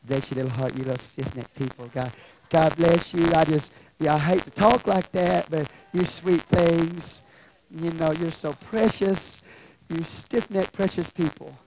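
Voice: mid-range voice, normal speed, creaky, hardly any pauses, natural voice, low-quality recording. A pastor putting on a sarcastic, sugary voice for an old-time preacher scolding stubborn people. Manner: sarcastic, syrupy.

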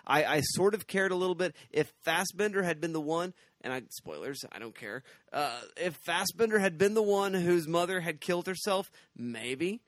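A man co-hosting a podcast, giving a weary, deadpan movie review in casual chat. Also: high-pitched, moderate pace, few pauses, no echo. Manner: weary, deadpan, repeats himself. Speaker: podcast co-host.

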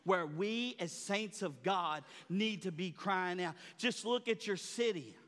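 A man preaching a sermon as pastor, swinging from quiet murmurs to loud, high shouting in a dramatic, colloquial preaching style. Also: slow pace, long reverb tail.

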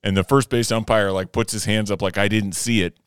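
A young man co-hosting a podcast, chatting casually and telling stories, animated and swearing freely, shouting when he acts out his anger. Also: lowish voice, brisk, clear, resonant tone, no room sound, clean studio sound. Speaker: podcast co-host. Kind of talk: casual chat, storytelling.

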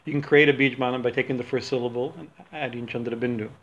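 A man's voice: mid-range voice, fairly even intonation, fast talker, a bit bright, slight background noise. A man giving an informal religious talk, rambling and correcting himself, with frequent laughs. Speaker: religious teacher. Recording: dull lo-fi recording.

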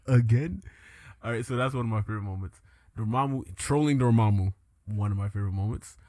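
A man hosting a casual podcast chat, animated and laughing often, slipping into joking put-on voices. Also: on the low side, fast talker, no room sound, clean studio sound. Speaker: podcast host.

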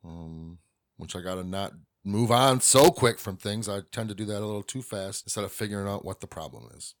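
A man's voice: lowish voice, a little fast. A middle-aged man hosting a podcast, talking through a personal story in a rambling, profane, confessional way. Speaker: podcast host. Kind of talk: casual monologue.

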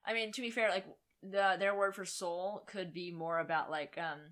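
A woman's voice: medium pitch, fairly even intonation, moderate pace, a bit bright. A woman co-hosting a casual podcast, rambling and joking, swearing and laughing at herself. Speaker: podcast co-host. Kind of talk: casual chat about TV and sci-fi.

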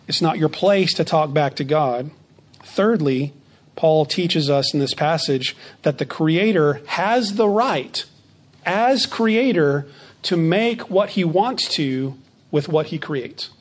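Pastor, male, slightly higher voice, deliberate emphatic sermon delivery, restarts phrases. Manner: slows down and stresses key phrases; repeats words when starting a phrase.

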